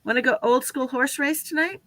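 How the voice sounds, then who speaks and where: A woman's voice: high voice, brisk, a bit bright, dry recording. A woman hosting a casual live stream, chatting with guests and running through lists of names. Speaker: livestream host.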